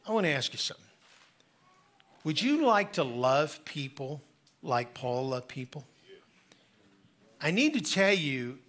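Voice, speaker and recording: A male pastor preaching a sermon in a church, telling a story with slow, drawn-out emphasis. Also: on the high side, fairly bright tone. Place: church sanctuary.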